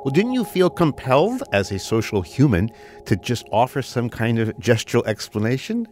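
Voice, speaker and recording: Playful male co-host, lively pitch. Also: moderate pace, slight background noise. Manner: playful, quizzical questioning. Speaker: radio show co-host.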